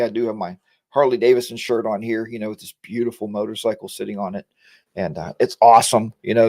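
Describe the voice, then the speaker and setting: A middle-aged man hosts a relaxed live-stream about motorcycles, chatting loosely and wandering off into jokey asides. His voice sits at an ordinary middle pitch. It is recorded dry and close, with no room sound at all. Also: no echo. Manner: rambling and joking, chatty asides. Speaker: host of a live motorcycle chat show. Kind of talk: casual live-stream chat, reading viewer comments.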